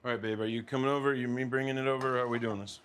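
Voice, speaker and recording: A young American man with a medium-pitched, steady, slightly bright voice talks rapid-fire while plating food in his home kitchen for a casual cooking vlog. He chats with his partner and viewers, and there's a little hiss or hum.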